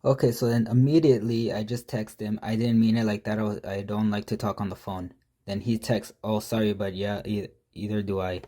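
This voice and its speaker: A man's voice: fairly low pitch, fairly even intonation, brisk, mellow. A man casually telling a prank story, reading out text messages with profane, mocking, exasperated commentary.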